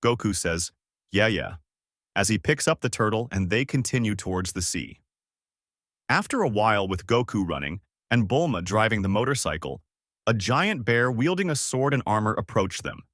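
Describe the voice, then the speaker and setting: A man narrating a fan-made story aloud in a plain, steady way. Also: on the low side, normal speed, no echo, clean studio sound. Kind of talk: reading fan fiction aloud.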